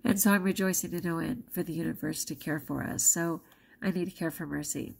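Speaking fairly quickly in a gravelly voice with a breathy edge, a woman who teaches school and vlogs shares a personal story out of breath. She's expressive, dramatizing quotes with large swings in pitch.

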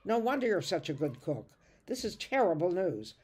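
An excited young schoolboy, put on by a woman telling the story, gushing and exclaiming his lines in a children's play. He talks in a higher, louder voice than the storyteller around him, all wide-eyed enthusiasm. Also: moderate pace, husky. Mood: alarmed.

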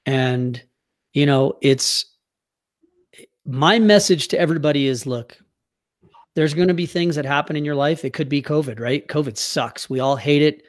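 A man's voice: fairly high pitch, normal speed. A middle-aged man from the United States telling a heartfelt personal story as a podcast guest, earnest and at times choked up. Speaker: youth hockey coach.

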